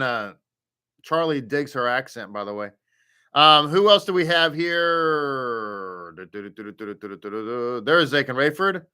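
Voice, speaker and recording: Bright-voiced chatty man greeting viewers. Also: mid-range voice. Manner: chatty, greets viewers by name, jokes lightly. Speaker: rabbi teaching a daily Torah study. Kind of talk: casual livestream greetings and Torah teaching.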